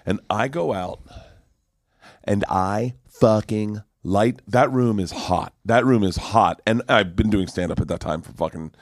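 A middle-aged man, a comedian guest, telling a story in casual, profane, animated chat. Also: on the low side, unhurried, dry recording, studio quality. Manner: profane, animated, acts out quotes.

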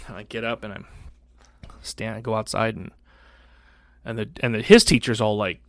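A man's voice: mid-range voice, fairly quick, dry recording. Middle-aged man, podcast co-host, casual storytelling, swears a lot, acts out quoted voices, dry close mic. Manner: animated, profane, acts out other people's lines.

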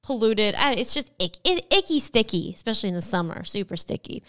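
A woman's voice: on the high side, sing-song, fairly quick, fairly bright tone. An American woman co-hosting a podcast, chatting in a playful, easygoing way with lots of fillers. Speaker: podcast co-host. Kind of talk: casual chat.

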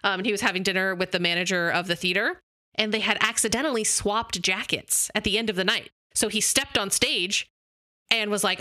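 Bright-voiced woman telling a story. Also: medium pitch, fairly quick, no room sound, clean studio sound. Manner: storytelling with filler words, laughing. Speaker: podcast co-host. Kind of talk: casual chat, retelling a story.

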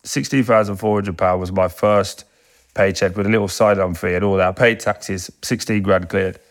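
This is a man in his thirties from whose voice sits low. He tells long, animated stories in a loose, conversational way, swears freely, and briefly mimics the people he quotes. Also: moderate pace. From England. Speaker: guest, football captain. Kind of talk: casual storytelling interview.

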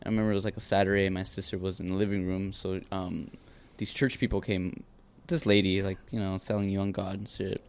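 A man's voice: low voice, level tone, quick pace, hardly any pauses, clean tone. A man co-hosting a podcast, telling a story casually with lots of swearing. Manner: profane, laughing storyteller. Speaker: podcast co-host. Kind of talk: casual chat.

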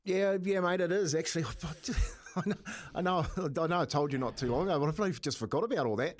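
A man's voice: on the high side, fast. A middle-aged man with a New Zealand accent, co-hosting a radio show and telling stories casually, laughing often. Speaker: radio co-host. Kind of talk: casual storytelling.

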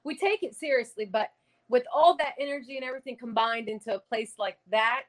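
A woman telling a ghost encounter in an interview, halting and repeating words, laughing between lines. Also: a little high. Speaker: paranormal investigator guest. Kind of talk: casual storytelling interview.

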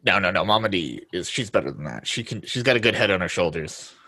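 A man's voice: low voice, lively intonation, fast, bright, forceful tone, husky. A man hosting a podcast, chatting casually in an easygoing way and laughing often. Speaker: podcast host. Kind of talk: casual chat.

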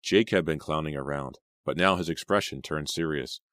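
A man narrating an audiobook in measured scripted narration, close to the mic. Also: a bass voice, fairly bright tone, no room sound.

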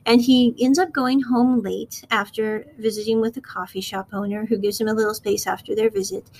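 Casual woman reviewer, slightly higher voice, rambling, acts out quotes. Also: low-quality recording. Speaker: show reviewer. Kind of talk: casual recap and commentary.

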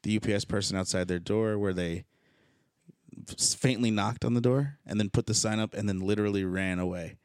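A man's voice: fairly low pitch, fairly even intonation, a little fast, darkish tone, clear, resonant tone, no echo, clean studio sound. A man telling stories in a casual podcast chat, laughing often between lines.

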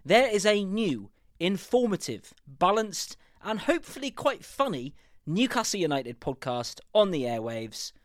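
A man in his thirties with a southern English accent opens his podcast as host. His voice sits a little high. He talks in an upbeat, brisk way with a defiant edge, recorded close and dry with no room sound. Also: very animated, dry recording. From England. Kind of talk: scripted podcast intro.

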